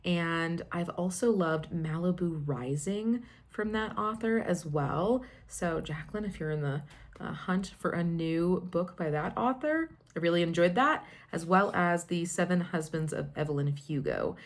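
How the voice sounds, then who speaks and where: A woman vlogger in her thirties talks straight to her camera at home, chatty and upbeat as she catches her viewers up. Her voice sits a little low for a woman. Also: a little slow. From Colorado. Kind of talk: casual vlog chat.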